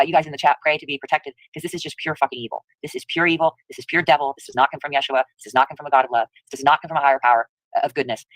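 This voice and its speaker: A woman's voice: deep voice, no echo, low-quality recording. A woman live streamer giving angry, profane reaction commentary to her chat, condemning another streamer. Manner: profane, heated, preachy.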